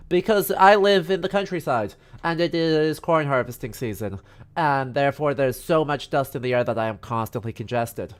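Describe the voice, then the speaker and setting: Streaming from his house in the countryside, this man delivers a laid-back, jokey history talk through a blocked-up nose. His mid-range voice has a clean tone and a normal pace. Expect plenty of chatter, fillers and side comments.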